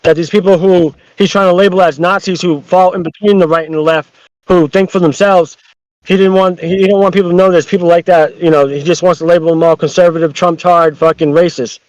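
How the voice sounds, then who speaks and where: A man's voice: high voice, steady tone, brisk, a little mellow, no room sound. A man talking as a podcast guest, heated and profane, rambling with many restarts. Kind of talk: casual podcast chat. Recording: dull lo-fi dry sound.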